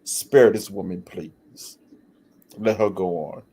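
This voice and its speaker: Man, panelist, blunt, frank, lowish voice, slow. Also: a little mellow. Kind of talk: casual opinion commentary.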